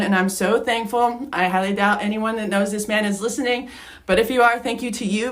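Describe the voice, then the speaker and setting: A woman's voice: medium pitch, a bit bright. A young woman co-hosting a podcast, candidly telling a personal story, getting emotional and laughing through it. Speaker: podcast co-host.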